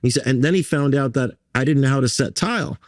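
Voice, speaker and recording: A man's voice: medium pitch, quick pace, no echo, studio quality. A man from New York and Barbados, a guest artist telling stories in conversation, with many restarts and fillers. He acts out the voices of the people in his stories. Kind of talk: conversational storytelling.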